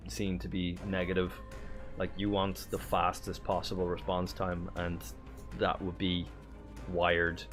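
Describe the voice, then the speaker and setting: A man streaming a game, chatting casually in a relaxed, halting way with many fillers. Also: deep voice. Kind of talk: casual gameplay chat.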